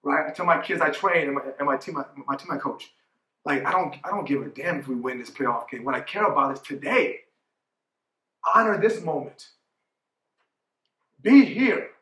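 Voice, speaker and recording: A man's voice: on the high side, fairly quick, sharp tone, reverberant. A man in his forties giving a motivational keynote talk as a coach, emphatic, often asking "right?". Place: conference hall.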